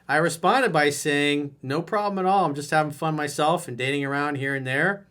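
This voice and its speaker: A man's voice: a little high, normal speed, a bit bright. A man who coaches people on dating, reading out a viewer letter and answering it in a blunt, mocking way.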